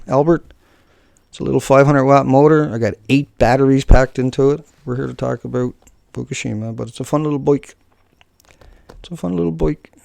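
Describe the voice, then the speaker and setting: A man ranting in a live video blog, combative and scornful, then drifting into joking asides. His mid-range voice carries a gravelly rasp. The sound is dry, with little room around it. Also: medium pitch, a little mellow, no echo. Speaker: video blogger. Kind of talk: live-streamed rant to viewers.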